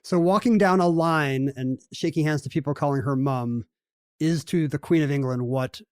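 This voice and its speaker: A man's voice: fairly high pitch, moderate pace, no echo, clean studio sound. A man co-hosting a podcast, chatting casually in a wry, joking, digressive way. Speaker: podcast co-host. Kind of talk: casual chat.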